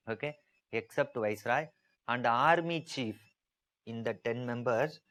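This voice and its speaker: A man teaching an online exam-prep class, drilling his points home by repeating them and stressing each one. His voice sits at an ordinary middle pitch, and he keeps checking in with his students as he goes. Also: unhurried, pauses often, fairly bright tone, rough recording. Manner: repetitive, emphatic, asks students to type answers.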